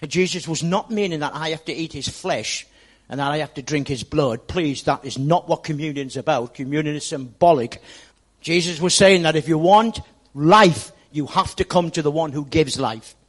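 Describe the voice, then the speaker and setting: High-voiced man preaching with emphatic repetition. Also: normal speed. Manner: emphatic, repeats words, addresses the congregation directly. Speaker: pastor. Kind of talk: sermon. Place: church.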